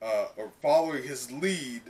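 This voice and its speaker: A man hosting a live comic reaction who talks in an excitable, rambling way with lots of "like". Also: medium pitch, unhurried. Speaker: reaction video host.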